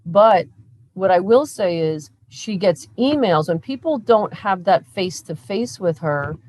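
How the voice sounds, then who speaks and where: A middle-aged woman, a mother and podcast guest, telling stories in a lively, animated way. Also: lowish voice, a little slow, a little hiss or hum, poor audio. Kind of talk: casual interview chat.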